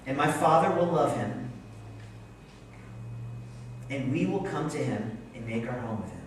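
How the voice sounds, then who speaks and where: A man in his forties preaching a sermon, animated and acting out quoted voices as he goes. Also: medium pitch, measured pace, pauses often, slight background noise. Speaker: pastor. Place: church sanctuary. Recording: echoey church hall mic from a distance.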